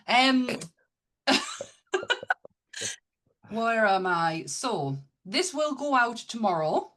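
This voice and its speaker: A woman from Sunderland hosts a relaxed podcast chat. Her northeast English accent is plain, and her pitch sits in the middle. She talks easily and chattily. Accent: Sunderland, northeast England. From Sunderland, England. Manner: chatty, wraps up the episode. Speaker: podcast host. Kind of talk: casual interview chat.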